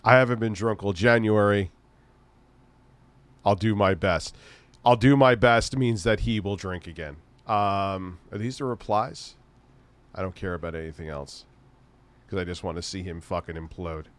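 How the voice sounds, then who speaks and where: A man's voice: fairly low pitch, moderate pace, long pauses, no echo. A man hosting a casual livestream, reading chat and ranting sarcastically with lots of swearing. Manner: profane, sarcastic ranting with frequent laughs. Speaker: streamer host.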